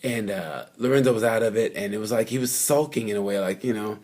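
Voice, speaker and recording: At the race circuit, a vlogger gives a casual, off-the-cuff recap of motorcycle races, rambling and chatty with plenty of fillers and asides. His voice is lowish and darkish in tone, and he talks fast.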